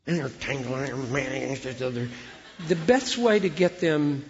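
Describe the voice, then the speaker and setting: A man in his sixties preaching a sermon, telling a story animatedly, acting out dialogue and repeating words when excited. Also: mid-range voice, normal speed, a little hiss or hum. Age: 60s. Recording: dull sound with long hall reverb.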